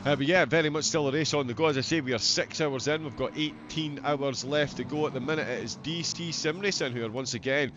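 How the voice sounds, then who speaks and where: A man commentating a sim race, brisk and chatty, often laughing with a guest. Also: on the high side, dull audio. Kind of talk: sim racing commentary and banter. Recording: noisy stream audio.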